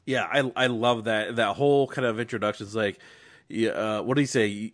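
A man's voice: lowish voice, steady tone, a little fast, fairly bright tone. A man co-hosting a film podcast, chatting casually and emphatically with frequent restarts. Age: young adult or middle-aged, a father. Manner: enthusiastic, emphatic, many restarts. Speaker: podcast co-host.

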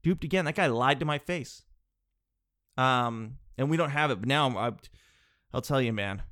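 A man's voice: medium pitch, normal speed. Sniffly man rambling through a comic rant. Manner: animated, digressive storytelling. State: sniffly with a cold. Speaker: vlogger. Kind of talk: rambling comedic monologue. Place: home office.

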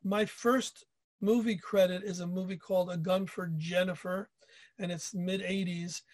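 Man, podcast host, high voice, dead-dry sound, enthusiastic, self-deprecating. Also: little pitch movement, normal speed, dry recording. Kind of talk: casual chat.

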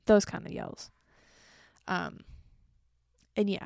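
A young woman hosts her podcast in a loose, self-deprecating chat, tired from an early morning. Her voice carries a gravelly fry at mid pitch. It is recorded close and dry, with no room sound. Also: unhurried, pauses often, no room sound. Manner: chatty and self-deprecating, joking asides. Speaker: podcast host. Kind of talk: casual solo podcast chat.

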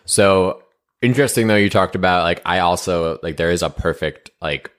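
A man's voice: sits low, normal speed. A man co-hosting a podcast, talking casually with lots of filler words and easy laughs. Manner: rambling, heavy on fillers like "like", laughs easily. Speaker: podcast co-host. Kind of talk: casual chat.

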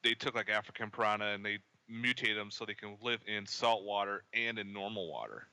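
A man's voice: lowish voice, brisk, bright, forceful tone. A man co-hosting a casual movie podcast, recounting scenes and acting out the lines. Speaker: podcast co-host.

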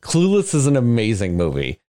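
Speaking at medium pitch and a moderate pace, this man co-hosts a podcast. His casual chat is animated and full of swearing as he pokes fun at himself for the movies he adores.

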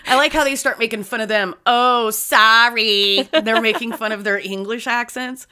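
A woman's voice: fairly high pitch, brisk, sharp tone. A woman chatting casually about movies in a blunt way, swearing often. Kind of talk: casual chat.

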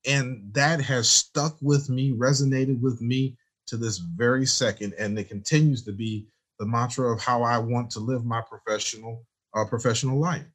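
A man in the middle of a relaxed conversation, recalling his past with lively, animated storytelling. He slips into the voices of the people he quotes, his tone rising and falling as the story unfolds. His pitch sits in an ordinary middle range. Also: normal speed. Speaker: teacher, guest.

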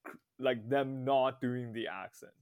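A man's voice: mid-range voice, unhurried, darkish tone. A man co-hosting a casual movie review podcast, playful and teasing. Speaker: podcast co-host.

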